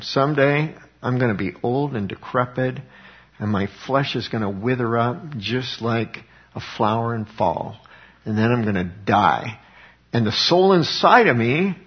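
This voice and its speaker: Husky man teaching scripture, lo-fi. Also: mid-range voice. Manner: conversational, earnest, with frequent restarts and rising emphasis on quotes. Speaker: preacher. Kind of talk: informal Bible teaching.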